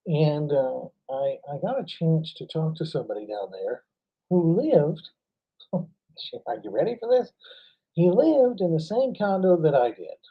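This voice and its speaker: A man giving an animated motivational talk, telling stories with frequent laughs and emphatic jumps in pitch. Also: unhurried, husky, dull audio. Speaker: motivational speaker.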